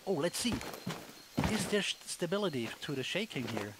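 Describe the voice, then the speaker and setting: A man's voice: a little high, sing-song, normal speed, heavy background noise. A man casually commenting on a hunting video game as he plays, thinking aloud with wry asides. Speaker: gamer, let's play host.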